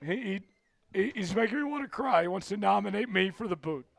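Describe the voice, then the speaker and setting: A man hosting a live sports stream, calling plays and shouting when his team scores. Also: high-pitched, fairly quick, vocal fry. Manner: excitable, shouts big plays. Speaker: livestream sports host. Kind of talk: live play-by-play watch-along.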